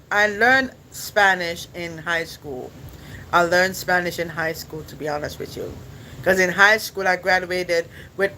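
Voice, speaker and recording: A man's voice: sits high, pushed and bright, a little hiss or hum, poor audio. A young man hosting a podcast, chatting casually with his viewers in a rambling, playful way and laughing often. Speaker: podcast host.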